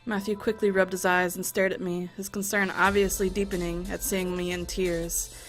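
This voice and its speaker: A woman's voice: on the low side, normal speed. A young woman playing a visual novel, reading the story aloud and cutting in with profane, joking commentary. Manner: expressive, profane, jokey asides. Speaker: let's play host. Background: faint music.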